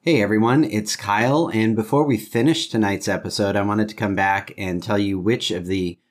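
A man hosting a podcast in a relaxed, chatty way. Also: on the low side, normal speed, over music. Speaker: podcast host. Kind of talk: casual chat.

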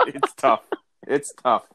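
A man's voice: medium pitch, bright, forceful tone, breathy edge, no room sound. A young man co-hosting a podcast, rambling and joking in casual chat. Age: young adult. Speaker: podcast co-host.

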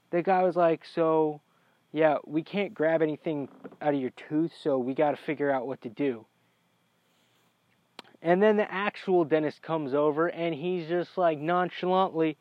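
A man's voice: fairly high pitch, unhurried, dry recording. A man telling a rambling personal story in a casual, profane way that gets heated. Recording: dry, dull lo-fi recording.

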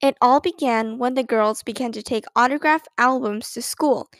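Lady doing a sensible mom, good humored, high voice, storybook. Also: moderate pace, a bit bright, dry recording, studio quality. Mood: fond.

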